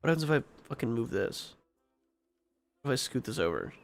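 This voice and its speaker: A man's voice: medium pitch, very animated, brisk, vocal fry, soft background music. A man giving casual gameplay commentary, exasperated and swearing, asking the same questions again and again. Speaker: gaming streamer.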